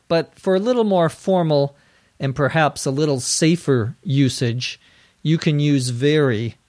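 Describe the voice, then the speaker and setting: An American man hosting an English-learning podcast, spelling words out letter by letter and repeating them slowly and clearly. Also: mid-range voice, no echo, clean studio sound. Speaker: podcast host and English teacher. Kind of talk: slow, carefully enunciated teaching.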